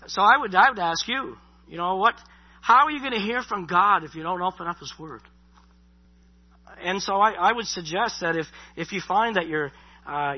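A man's voice: sits high, slightly rough, highs cut off. A man preaching a sermon in a conversational way, restarting and repeating his words. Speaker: pastor.

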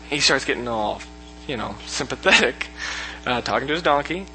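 A man teaching a casual Bible lesson, retelling the story in a joking, animated way and acting out the characters' lines. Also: on the high side, fairly quick, a little hiss or hum, low-quality recording.

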